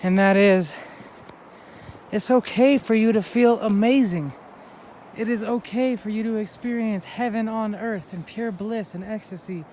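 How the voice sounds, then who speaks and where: A vlogger with a high, darkish voice speaks a little slowly while hiking a snowy mountain, slightly out of breath. His inspirational talk is a heartfelt, upbeat spiritual pep talk, with a little hiss or hum in the audio.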